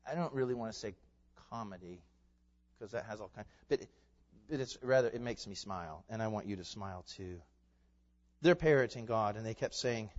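A man preaching a sermon, animated, with loud emphatic peaks and laughing asides. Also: medium pitch. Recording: dull reverberant hall sound.

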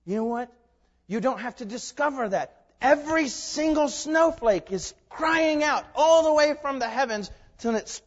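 A man preaching a sermon in a church, lively and emphatic, moving between loud declarations and quiet asides. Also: very high voice, a little slow. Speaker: pastor. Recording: dull sound with long hall reverb.

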